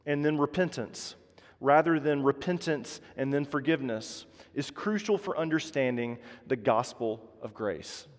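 A man preaching a sermon as pastor, earnest, building to emphatic passages and then falling soft and quiet. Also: medium pitch. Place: church sanctuary. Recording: long reverb of a large hall.

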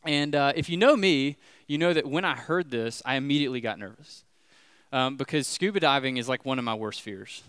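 A man's voice: mid-range voice, a little fast, a bit bright, clean tone, no echo. Casual, chatty male pastor preaching. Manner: casual storytelling with many fillers, rising animation when retelling scary moments. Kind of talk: sermon.

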